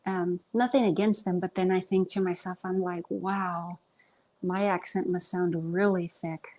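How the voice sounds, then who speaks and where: A woman's voice: on the low side, fairly even intonation, unhurried, a little mellow. A young woman with a Texan Southern accent, chatting casually on a livestream with lots of ums. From Texas. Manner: chatty, self-conscious, many ums. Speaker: livestream host.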